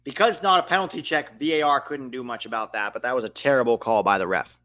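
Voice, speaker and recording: A young man calling a match live for a watch-along, animated and quick to swear at the referee. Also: medium pitch, no room sound. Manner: animated, swears when riled, calls the play.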